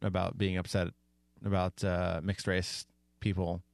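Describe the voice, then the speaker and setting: A man's voice: sits low, flat delivery, a little slow, vocal fry, dry recording. A man co-hosting a casual podcast, giving wry, opinionated takes. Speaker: podcast co-host.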